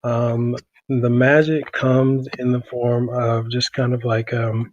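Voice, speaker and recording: A man teaching a class through a podcast, talking casually with many pauses and fillers. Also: mid-range voice, muffled recording. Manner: relaxed, many ums and uhs.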